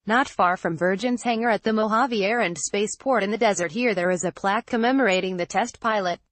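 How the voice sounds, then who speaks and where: A woman reading a news feature in a measured, scripted narration, reading quoted lines in the same even voice. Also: mid-range voice, dry recording. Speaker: news reader.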